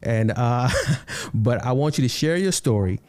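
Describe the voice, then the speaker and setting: A man's voice: medium pitch, animated, unhurried, a little mellow, no room sound. A man hosting a panel discussion, hesitant and easygoing as he hands the floor to guests. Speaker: host.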